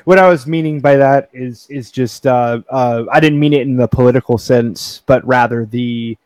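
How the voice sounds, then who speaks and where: A man's voice: mid-range voice, normal speed, darkish tone, dry recording. Hedging man in casual chat. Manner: hedging, trails off and restarts.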